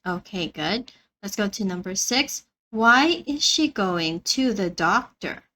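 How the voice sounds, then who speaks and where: A woman teaching a beginner English lesson, slowly and carefully repeating words for learners. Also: mid-range voice, expressive, bright, forceful tone, rough recording.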